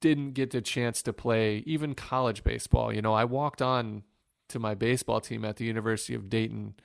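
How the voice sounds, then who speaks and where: Man, guest storyteller, gravelly, resonant, dry close sound, reflective, many restarts. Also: mid-range voice, steady tone, fairly quick, dry recording. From Northwest Ohio. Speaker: guest, former pro pitcher. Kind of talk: storytelling in a podcast interview.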